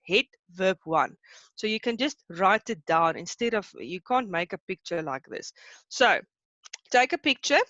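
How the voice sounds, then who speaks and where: A woman's voice: mid-range voice, fairly bright tone, no echo, highs cut off. Encouraging woman teacher on a video call. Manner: patient, encouraging, laughs easily. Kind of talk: online lesson.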